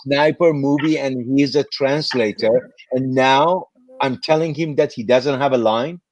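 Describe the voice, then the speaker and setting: An older man with a non-native English accent, an actor guest telling lively anecdotes over a video call and acting out the voices in them. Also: mid-range voice, measured pace. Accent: speaks English with a non-native accent. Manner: lively, acts out voices in his stories. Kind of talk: animated anecdote storytelling.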